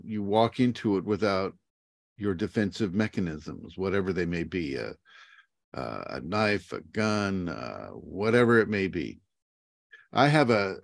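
A man's voice: fairly low pitch, vocal fry, no echo, clean studio sound. A man, a spiritual teacher, talking casually on a video call, rambling with frequent chuckles. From United States. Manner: rambling, chuckling often, animated asides.

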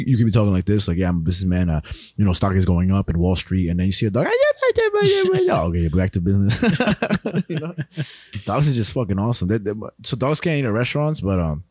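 A man's voice: mid-range voice, darkish tone, dry recording, clean studio sound. A young man co-hosting a podcast in casual chat, laughing often, swearing freely and acting out the people he talks about. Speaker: podcast co-host.

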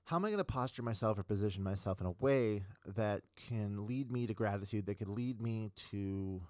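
A man co-hosting a podcast, rambling casually and cutting himself off with quick asides. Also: on the low side, a little mellow, no room sound, clean studio sound. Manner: rambling, self-interrupting, apologetic asides. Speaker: podcast co-host.

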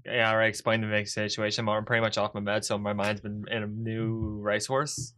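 Quick young guy, trips over words, quick to argue. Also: on the low side, completely flat delivery, a bit bright. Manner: fast, stumbling, argumentative. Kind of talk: casual chat.

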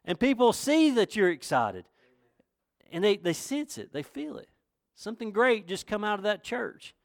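A man's voice: high-pitched, very animated, normal speed, dry recording, clean studio sound. A man pastor from North Carolina with a Southern accent, preaching a sermon in a folksy, conversational way that rises to emphatic questions. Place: church.

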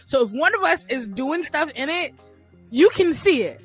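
A woman's voice: sits high, very animated, moderate pace, faint music behind. A woman co-hosting a casual chat podcast, telling stories bluntly and candidly with slang. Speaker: podcast co-host.

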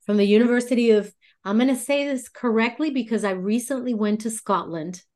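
A woman hosting a relaxed talk show, chatting playfully and asking her guest questions. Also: a little high, brisk. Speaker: host. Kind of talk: casual chat.

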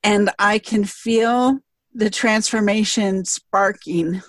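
A woman's voice: medium pitch, steady tone, slow pace, no echo. Earnest woman telling a heartfelt story, dry sound. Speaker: speaker and event presenter. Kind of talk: casual conversation.

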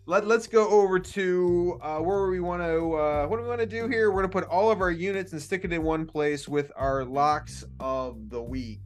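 A man's voice: high-pitched, normal speed, hardly any pauses. A man hosting a casual sports betting podcast, chatty and jokey, laughing often. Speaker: podcast host.

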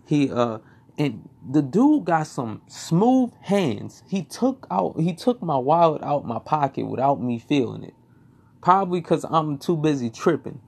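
Gravelly young man telling a story. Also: on the high side, sing-song, unhurried, darkish tone. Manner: swearing, rambling, repeats himself. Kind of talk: casual personal storytelling.

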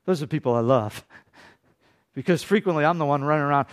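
A man preaching a sermon, swinging between loud, urgent lines and hushed, quiet ones, and briefly acting out the people he quotes. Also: on the high side, animated, fast talker, smooth. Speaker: pastor.

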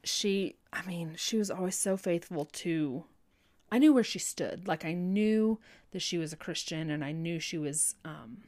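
A woman telling a heartfelt personal faith story in an earnest, halting way, full of restarts and fillers like "you know". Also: lowish voice, darkish tone.

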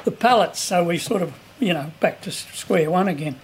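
A man's voice: sits high, animated, a little fast. An older man, bluntly telling earthy anecdotes in an interview. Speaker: local landowner recalling the dig. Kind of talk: casual storytelling interview. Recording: faint background noise.

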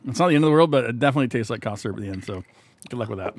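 A man's voice: mid-range voice, lively intonation, racing. A man in his forties, a podcast co-host, chatting casually, laughing often and swearing freely as he rambles through stories. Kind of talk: casual banter.

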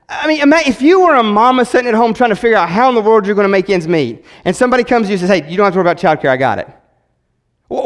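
A man, preaching a sermon in an animated way, repeating words and acting out quotes. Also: high-pitched. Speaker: pastor. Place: church sanctuary. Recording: long hall reverb.

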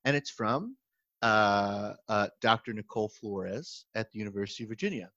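Guy pastor on a podcast, super lively voice, laughs a lot, kinda dull dry mic. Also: fairly low pitch, normal speed, dry recording. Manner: animated storytelling, frequent laughter and self-restarts. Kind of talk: casual chat. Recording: slightly muffled, dry recording.

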